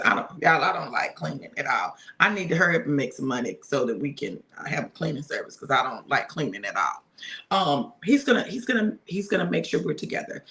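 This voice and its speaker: A middle-aged woman minister shares a casual devotional, addressing her listeners directly and repeating phrases for emphasis. Her voice is on the low side, gravelly and a bit bright.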